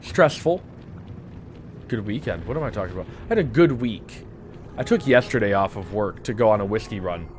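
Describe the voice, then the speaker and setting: A man's voice: fairly low pitch, expressive, a little fast, a little hiss or hum. A young adult man with a lisp chatting casually while streaming a game, rambling and joking with lots of filler words. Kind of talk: casual live-stream commentary.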